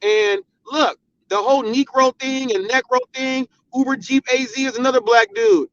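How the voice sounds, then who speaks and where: A high-pitched American man hosts his own channel and fires off a heated commentary, hammering the same points again and again. His voice sits dry and close in a muffled, lo-fi recording. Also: steady tone, normal speed, fairly bright tone, no echo. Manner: confrontational, repetitive, emphatic. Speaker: channel host. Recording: dull, dry lo-fi sound.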